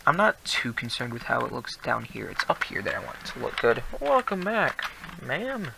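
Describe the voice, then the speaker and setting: Gravelly teen boy gaming commentary. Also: mid-range voice, lively intonation, brisk, background noise. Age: teens. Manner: rambling, self-deprecating, laughs often. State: prone to coughing. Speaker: gaming video host. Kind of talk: casual game commentary.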